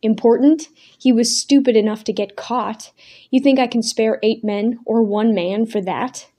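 A woman's voice: fairly high pitch, steady tone, a little slow, warm tone. Coarse, cold outlaw chief in a storybook, curt and dismissive, read by a woman. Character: coarse, cold male rebel leader.

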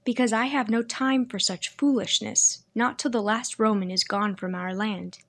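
A woman's voice: on the high side, fairly even intonation, normal speed, fairly bright tone. A woman reading an audiobook, voicing a proud, bitter young man who snaps and broods. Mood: curt. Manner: curt, brooding, snapping. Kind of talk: audiobook character voice.

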